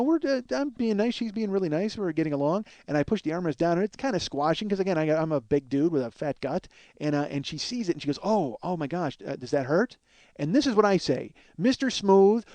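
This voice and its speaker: A man's voice: on the high side, darkish tone, dry recording. A man hosting a podcast, telling a long comic story in a profane, ranting, self-mocking way. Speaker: podcast host. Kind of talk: solo comedic storytelling monologue.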